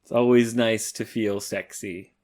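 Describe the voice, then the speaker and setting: A man's voice: fairly low pitch, fairly even intonation, unhurried, a little mellow. A man co-hosting a teaching podcast, reading listener mail in wry, teasing banter. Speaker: podcast co-host, English teacher.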